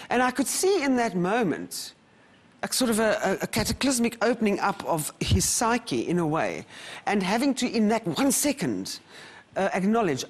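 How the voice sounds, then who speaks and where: Brief: interview guest from South Africa, lively pitch, tells stories and acts out quotes. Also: female voice, normal speed, husky. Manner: animated, acts out quoted voices. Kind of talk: reflective conversational storytelling.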